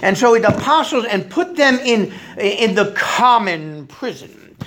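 A woman's voice: fairly high pitch, big pitch swings, unhurried, fairly bright tone. A woman preaching an informal Bible teaching, rambling with many fillers and restarts.

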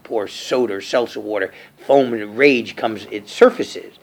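A middle-aged male preacher teaching a verse-by-verse Bible sermon, reading scripture aloud and then explaining it in plain, halting talk. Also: breathy edge. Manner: repeats and restarts phrases with fillers; lively, swooping pitch.

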